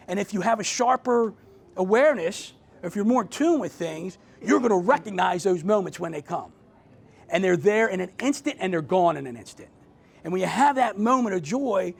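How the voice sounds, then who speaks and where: A middle-aged man with a high-pitched, gravelly voice gives a motivational talk to a live group. He keeps it conversational, asks the audience questions and often stumbles into restarts. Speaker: author speaking to a group.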